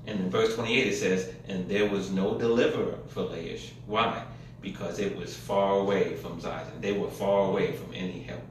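A man's voice: on the low side, slight background noise. A man preaching a sermon, retelling scripture in casual, colloquial paraphrase, recorded in a church. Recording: echoey room from a distance.

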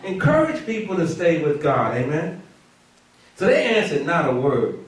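A man preaching a sermon with animated call-and-response, often laughing as he tells the story. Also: fairly high pitch, moderate pace. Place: church. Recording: echoey room from far off.

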